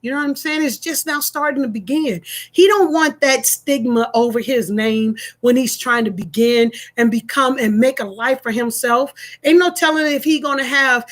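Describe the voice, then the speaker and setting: A woman's voice: high-pitched, normal speed, hardly any pauses. A woman speaks straight to her viewers. She is middle-aged and tells a personal story in a casual, emphatic way, repeating her key points and acting out both sides of a phone call. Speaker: vlogger telling a personal story.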